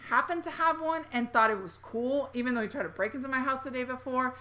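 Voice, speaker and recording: A woman's voice: sits high, quick pace, pushed and bright. A woman in her thirties hosting a casual chat, telling a story animatedly with lots of fillers and acted-out quotes. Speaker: host.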